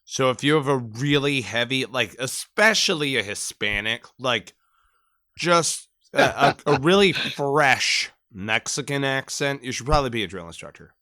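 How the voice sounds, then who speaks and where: A man's voice: mid-range voice, animated, normal speed, bright, forceful tone. A man in his thirties, a podcast co-host and Marine veteran, telling profane, joking stories in casual chat. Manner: profane, joking storyteller who mimics accents.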